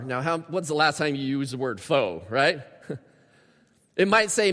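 A man's voice: a little high, animated, measured pace, a bit bright. A man preaching a sermon as a pastor, emphatic and acting out prayers in a lifted voice. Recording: reverberant hall sound.

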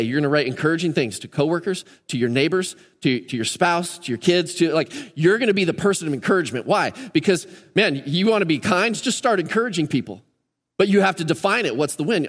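American male pastor, animated casual preaching, slightly high pitch, echoing sanctuary. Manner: energetic, conversational, rising higher when excited. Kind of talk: sermon. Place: church sanctuary.

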